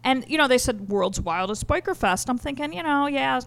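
A woman recounts the band's trip in a chatty way. Her voice is fairly high and smooth. She sets the scene as she talks. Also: animated, moderate pace, fairly bright tone. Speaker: band member guest. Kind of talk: casual chat.

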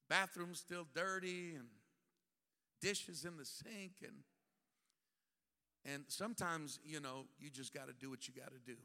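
A man's voice: on the high side, pushed and bright, clear, resonant tone. A male bishop preaching a sermon, telling the story with humor and acting out the scenes. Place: church sanctuary. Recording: long church hall reverb.

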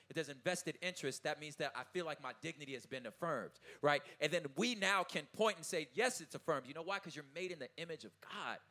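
A man in his thirties giving a casual, animated talk to an audience, often checking in with his listeners and laughing as he goes. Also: a little high. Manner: loose, informal phrasing with laughs. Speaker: artist speaking at a talkback.

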